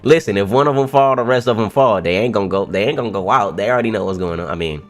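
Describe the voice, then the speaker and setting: A man reacting live to a new manga chapter, excitable and profane, often laughing and exclaiming loudly. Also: on the low side, fast talker.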